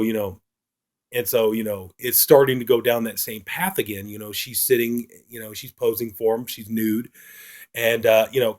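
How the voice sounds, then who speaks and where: A man's voice: mid-range voice, darkish tone. A man reviewing a film in a casual, rambling retelling, full of fillers.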